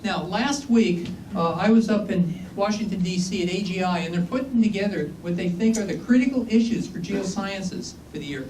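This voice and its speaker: Man, geology lecturer, joking and conversational, higher-pitched voice, distant mic in an echoey room with faint hiss. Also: normal speed, few pauses, a little mellow. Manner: chatty, joking, asks the audience questions. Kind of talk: informal lecture with anecdotes.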